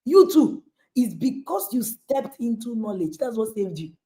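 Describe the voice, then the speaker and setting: A woman's voice: fairly high pitch, very animated, unhurried, mellow. A woman, a parenting coach hosting and speaking emphatically to listeners over a video call. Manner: emphatic, rhetorical questions. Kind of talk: motivational talk to listeners.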